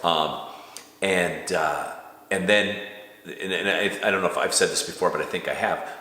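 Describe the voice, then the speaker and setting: Man, very deep bright voice, casual halting co-host, echoey room. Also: steady tone. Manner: halting, repeats words as he talks. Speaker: co-host and board partner. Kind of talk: casual conversation. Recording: echoey room with long reverb.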